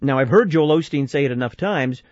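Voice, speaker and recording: A man's voice: mid-range voice, animated, fairly quick, a little mellow, dry recording, lo-fi sound. A man hosting a call-in radio show, giving critical commentary on a played clip in a conversational way with restarts and repeated phrases.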